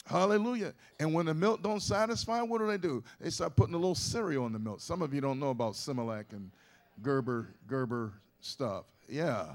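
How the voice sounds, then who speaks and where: A man's voice: on the high side, animated, fast, few pauses. A man preaching a sermon in a folksy, conversational way, often restarting his sentences and adding asides. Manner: folksy, with colloquial grammar. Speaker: pastor.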